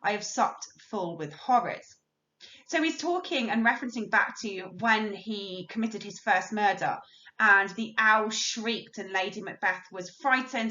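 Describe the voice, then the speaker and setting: A woman's voice: mid-range voice, bright, forceful tone. A woman teacher explaining a play in a recorded lesson, reading quotations aloud and talking through their meaning in plain, explanatory language. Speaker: English teacher. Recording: roomy, dull lo-fi sound.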